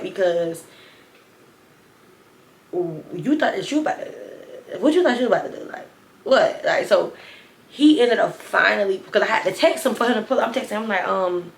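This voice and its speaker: A woman's voice: medium pitch, animated, normal speed, creaky, pauses often, a little hiss or hum. Chatty woman telling a rambling story. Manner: chatty, rambling, addresses viewers as y'all. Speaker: vlogger telling a story time. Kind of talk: casual storytelling to viewers. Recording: roomy, echoey room.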